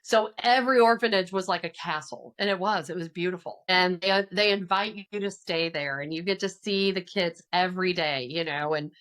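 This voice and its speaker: Woman, podcast guest, animated storyteller, acts out voices, casual chat. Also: on the low side, normal speed, few pauses. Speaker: podcast guest, counselor and author.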